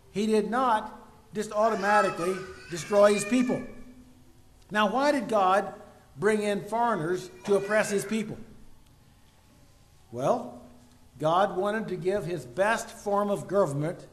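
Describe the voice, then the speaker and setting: A man delivering a sermon, asking the congregation rhetorical questions and breaking into sudden loud emphasis. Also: high voice. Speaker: preacher.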